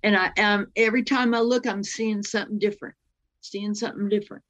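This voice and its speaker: Talking fast with a steady, fairly bright mid-range voice, a guest in her sixties rambles through a personal story, repeatedly returning to her point with "well, anyway." The highs in the audio are cut off.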